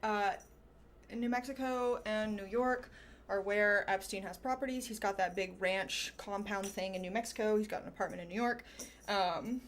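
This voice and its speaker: A woman's voice: mid-range voice, normal speed, a little hiss or hum. Sarcastic, swearing woman streamer. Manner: sarcastic, profane, reads messages aloud; soft baby talk to her cat. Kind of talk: livestream political commentary.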